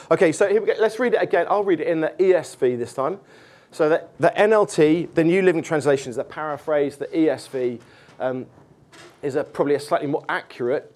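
A man's voice: on the high side, a little mellow. A man preaching informally to a church group, chatty and joking with many fillers. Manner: slow, deliberate scripture reading. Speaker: preacher leading a Bible study.

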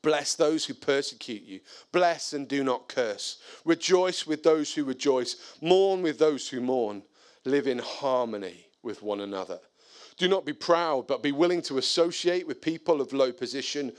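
A man preaching a sermon, telling stories in an animated, conversational way and reading scripture aloud. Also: mid-range voice, moderate pace. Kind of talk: sermon with storytelling.

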